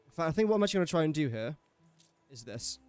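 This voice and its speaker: A young man with an English accent, talking casually as he plays, cracking jokes and chatting to the game characters. His voice sits a little high, with faint game music in the background. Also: sing-song, racing, darkish tone, clean tone. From England. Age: young adult. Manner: chatty, jokey, talks to himself and the game characters. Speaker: gaming streamer. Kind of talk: casual gameplay commentary.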